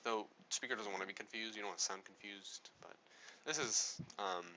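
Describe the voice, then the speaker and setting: Rambling man with a sharp, lowish voice. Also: brisk, a little hiss or hum. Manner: rambling, self-correcting. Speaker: speaking coach. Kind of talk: casual spoken tutorial.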